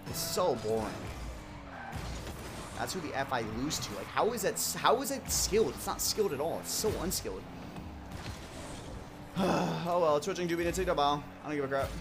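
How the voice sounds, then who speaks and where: A young man is streaming a game, ranting in frustration and swearing a lot. His voice swings from low mutters up to loud yells.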